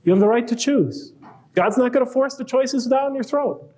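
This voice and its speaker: A man's voice: very high-pitched, moderate pace, darkish tone. A man giving a conversational public lecture to a live audience, asking rhetorical questions and reading quoted verses aloud.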